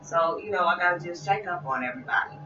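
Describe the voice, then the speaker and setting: At home with music playing, a spiritual vlogger chats casually and directly to her viewers, rambling and repeating phrases. Her voice is on the low side, animated, quick, bright, and forceful, captured in a roomy, distant, dull recording.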